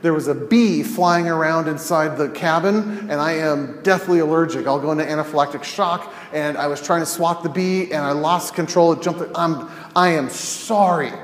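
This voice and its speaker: A man's voice: fairly high pitch, lightly acted. A man voicing a flustered male bus driver who keeps apologizing in a rush, in an echoey room. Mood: apologetic. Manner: rushed, repetitive apologizing. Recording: echoey room with long reverb.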